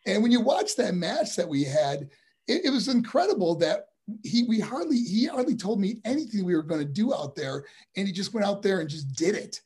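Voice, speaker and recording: A man's voice: sits high, brisk, husky. A middle-aged man, a former wrestler and boxer, telling rambling stories in a casual interview. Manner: rambling, animated storytelling with restarts.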